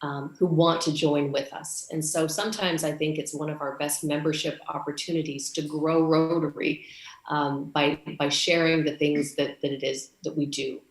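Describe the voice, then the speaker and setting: A woman's voice: low-pitched, level tone, normal speed, reverberant. A woman from Canada giving a conference speech, telling a story and acting out the dialogue. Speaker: conference speaker.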